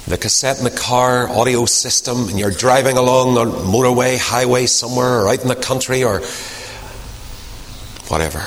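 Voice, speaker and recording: A man preaching a sermon, swinging from loud emphasis to hushed whispers. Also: medium pitch, slight background noise.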